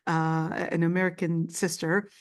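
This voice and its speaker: A woman teaching a Quran commentary lesson, explaining slowly and often repeating words with fillers. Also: fairly low pitch, flat delivery. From Palestinian family. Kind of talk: classroom lecture.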